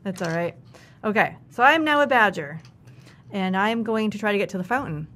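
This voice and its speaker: A woman's voice: mid-range voice, lively intonation, a little fast, a bit bright. A woman chatting casually and giggling while playing a board game with friends. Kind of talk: casual play chat.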